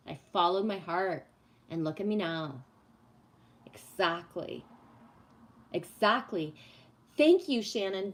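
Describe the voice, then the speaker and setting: A woman hosting a casual spiritual livestream, reading viewer comments and venting bluntly, with lots of swearing and repeated "right?" tags. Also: fairly low pitch. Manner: emphatic and profane, rhetorical "right?".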